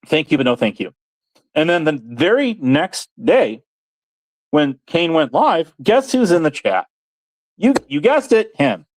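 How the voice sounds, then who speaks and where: A man's voice: fairly high pitch, no room sound, poor audio. A man hosting his own channel, ranting in a rambling, sarcastic, aggrieved way and swearing freely. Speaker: channel host. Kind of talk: casual ranting monologue.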